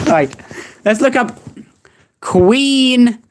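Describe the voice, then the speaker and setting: Reacting to web searches in a casual chat, a young adult streamer reads the results aloud, rambling and laughing along the way. They speak at a moderate pace in a very animated, mid-range voice, with slight background noise.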